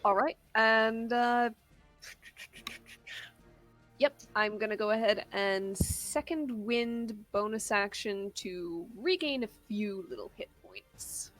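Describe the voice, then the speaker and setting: A woman's voice: mid-range voice, slow pace, a bit bright, soft background music. A woman playing a tabletop game, chatting casually in an upbeat, playful way. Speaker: player.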